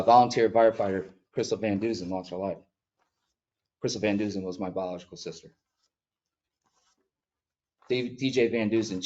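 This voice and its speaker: A man's voice: on the low side, warm tone, muffled recording. Earnest man speaking at a meeting. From upstate New York. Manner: earnest, heartfelt, halting with emotion. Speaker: mural artist addressing a village board. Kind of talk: emotional public comment. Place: public meeting room.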